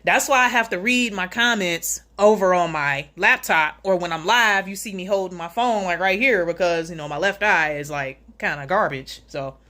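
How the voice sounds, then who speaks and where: On the low side and sharp in tone, her voice moves at a moderate pace with few pauses. The livestream host reads out what chat says, greets individual viewers, and keeps the sarcasm and laughs coming.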